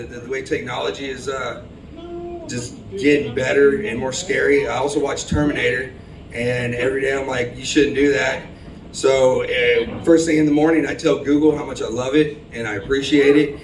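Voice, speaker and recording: A man's voice: mid-range voice, gravelly, roomy sound, far from the mic, low-quality recording. A man from Houston doing a rambling, self-deprecating open-mic stand-up set in a bar. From Houston, Texas. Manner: rambling, self-deprecating, many ums and restarts. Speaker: stand-up comedian. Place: bar stage.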